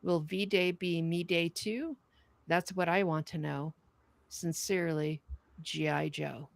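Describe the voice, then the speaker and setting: A low-pitched woman with a gravelly edge to her voice, reading with earnest, measured care. The sound is close and dry, with no room around it. She is a podcast co-host in a casual show. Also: fairly even intonation, no echo. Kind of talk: reading a poem aloud, then casual chat.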